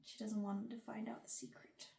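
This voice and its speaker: A young woman with a fairly high voice retells a story in a relaxed book chat. She drops dry, teasing asides. The room has a noticeable echo. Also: fairly quick, creaky. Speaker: book review co-host. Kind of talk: casual chat. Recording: echoey room.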